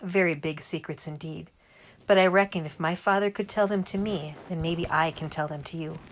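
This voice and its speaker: Woman reads an eager middle-aged dad spinning a yarn; lowish, animated storybook voice. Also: moderate pace, lightly acted. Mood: confiding. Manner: lively, relishing the tale. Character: cheerful storytelling father, middle-aged man.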